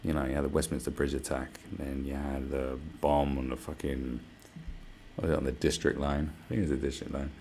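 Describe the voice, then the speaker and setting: Man, deep, gravelly, sarcastic swearing rant, live stream host. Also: flat delivery, fairly quick, dark tone, slight background noise. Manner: profane, sarcastic, mocks others in put-on voices. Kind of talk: casual ranting monologue.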